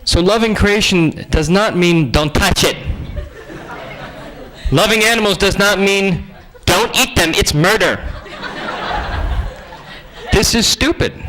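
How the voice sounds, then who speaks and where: A man's voice: sits high, rough recording. Joking man giving a lecture. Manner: conversational, joking, lively asides. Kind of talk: humorous sermon-style lecture.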